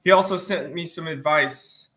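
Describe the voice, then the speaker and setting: A man reading a novel aloud in plain, steady first-person narration, sniffling from allergies. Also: a little high, moderate pace. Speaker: audiobook reader.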